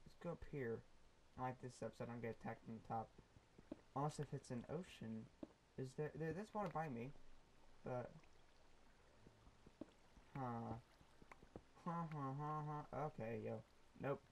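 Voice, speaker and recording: In a medium-pitched, darkish voice at a moderate pace with long pauses, a young man rambles through Minecraft let's play commentary, talking to viewers and mobs alike with plenty of ums. The recording is rough, with slight background noise.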